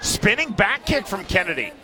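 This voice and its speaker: A man calls fight action strike by strike with a high voice. He rattles off quick calls and jumps to a shout when big shots land. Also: big pitch swings, crowd noise, noisy background. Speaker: play-by-play commentator. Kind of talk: fight play-by-play commentary.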